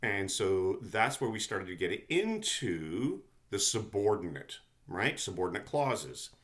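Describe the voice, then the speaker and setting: A man's voice: on the low side, sing-song, unhurried, a bit bright. A male lecturer giving a conversational recorded lesson, often checking in with "okay?" and restarting his sentences.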